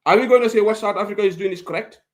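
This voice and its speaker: A man's voice: high-pitched, racing. A man hosting a current affairs talk show, emphatic and argumentative, slipping into local language. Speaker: host.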